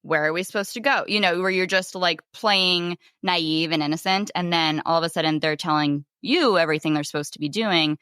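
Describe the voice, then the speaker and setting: A woman hosting a podcast in casual chat, playful and quick to laugh. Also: on the low side, a bit bright, smooth, no room sound, studio quality. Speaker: podcast host.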